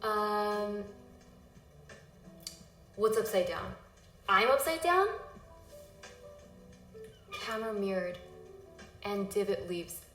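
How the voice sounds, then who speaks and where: A woman's voice: medium pitch, lively intonation, takes it slowly, pauses often, fairly bright tone. A woman streamer chatting casually while sick and out of breath, rambling, apologizing and getting sidetracked. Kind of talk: casual livestream chat. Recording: echoey room, faint music behind.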